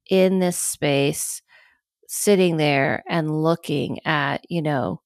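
A woman hosting a podcast in casual chat, rambling with lots of fillers and lively acted-out quotes. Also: low-pitched, slow, no room sound, soft background music. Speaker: podcast host.

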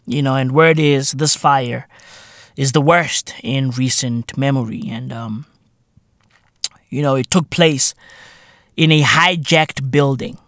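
A podcast host from South Africa talking in a casual, profane monologue, full of slang fillers and emphatic repetition. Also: male voice, mid-range voice, fairly bright tone, no echo, studio quality.

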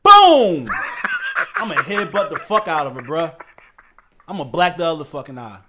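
A man's voice: a little high, lively intonation, moderate pace, heavy background noise. Profane young man on a podcast. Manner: loose and profane, trails off and restarts, laughs often. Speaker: podcast co-host. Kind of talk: casual podcast chat.

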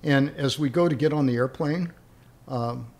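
Gravelly man telling rambling stories. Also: mid-range voice, moderate pace, darkish tone. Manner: rambling, chuckling as he recalls stories. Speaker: interview guest. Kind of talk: anecdotal storytelling.

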